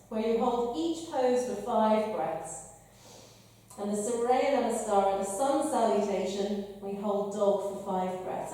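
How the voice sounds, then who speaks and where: A high-pitched, mellow-toned woman guides a yoga class, calmly and encouragingly talking students through each breath and pose. She sits at a distance from the microphone in a large room with a long, echoing reverb. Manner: calm, encouraging cueing of breath and poses. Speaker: yoga instructor. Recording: echoey hall, voice from far off.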